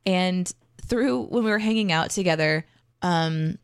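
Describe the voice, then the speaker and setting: A woman co-host tells a story in casual chat, her voice sitting on the low side and recorded close and dry. She talks playfully and with animation. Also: unhurried, clear, resonant tone, no room sound. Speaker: podcast co-host.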